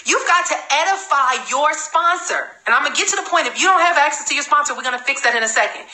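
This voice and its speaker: A woman giving an energetic, emphatic live-streamed sales training talk as a network marketing trainer. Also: sits high, reverberant, rough recording. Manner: energetic, emphatic, repeats for stress.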